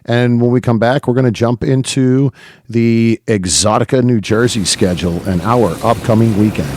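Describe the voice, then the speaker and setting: A man's voice: medium pitch, normal speed, darkish tone. A man co-hosting a podcast in casual chat, laid-back, often stumbling and restarting, with lots of "yeah". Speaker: podcast co-host.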